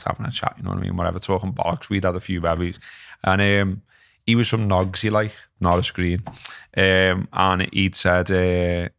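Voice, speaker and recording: A man's voice: sits low, creaky, a bit bright, no echo, studio quality. A man with a Scouse accent co-hosting a podcast, talking in a hesitant, meandering way full of fillers. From Liverpool area, England. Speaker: podcast co-host. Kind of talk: casual chat.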